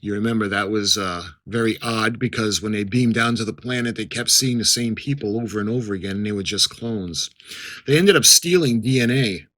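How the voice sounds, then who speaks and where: Bright-voiced chatty man reading captions. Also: on the low side, fairly quick, low-quality recording. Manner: chatty, reads out captions with asides and laughs. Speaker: model-kit unboxing vlogger. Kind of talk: casual unboxing commentary.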